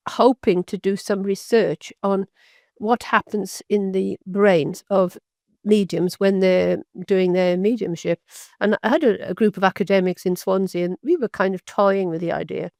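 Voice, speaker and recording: An older British physician telling stories in an interview, rambling and halting with frequent restarts. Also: female voice, mid-range voice, darkish tone, no echo, clean studio sound. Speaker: physician guest. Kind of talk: storytelling interview.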